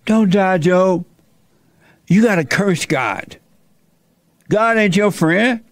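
A man plays fickle friends who urge a dying man to curse God. The voice is raised and gravelly, and the delivery is slow. It is recorded dry and close. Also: high voice, no room sound, pitched above the performer's own voice. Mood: pleading. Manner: pleading, urgent. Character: fickle worried male friends.

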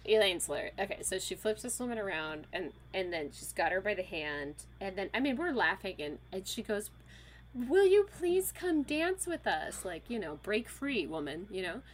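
A woman in her thirties, a podcast guest, telling a weekend story in a casual, animated way, full of fillers and quoted voices. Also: fairly low pitch, a little fast, hardly any pauses, a little hiss or hum. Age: 30s.

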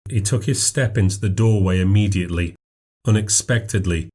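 A man narrating a ghost story in a measured, steady way. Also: low voice, slightly rough.

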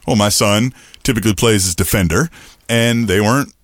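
A middle-aged man with a booming voice, co-hosting a podcast and telling a story in casual chat, acting out quoted lines in a raised pitch. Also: brisk, dry recording, studio quality. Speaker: podcast co-host.

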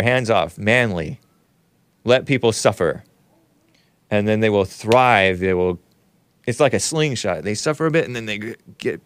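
A male talk show host riffs casually on a livestream, reading comments from chat, laughing often, and jumping up in pitch when feigning surprise. The sound is clean, with no room sound.

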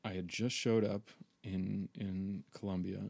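A man talks through a personal story as a podcast host, in a low, mellow voice with a gravelly edge. He rambles, swears freely and leans on fillers and restarts. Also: flat delivery, measured pace. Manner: rambling, profane, many fillers. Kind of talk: candid personal monologue.

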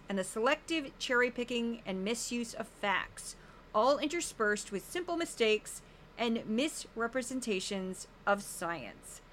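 Bright, sarcastic woman podcast host. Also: fairly high pitch, slight background noise. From St. Louis, US Midwest. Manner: animated, sarcastic, jokey. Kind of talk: casual political commentary.

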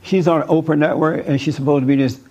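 A man's voice: fairly high pitch, fairly even intonation, fast, mellow, slight background noise, rough recording. A man giving spiritual counseling in an emphatic, preachy way, repeating words for stress.

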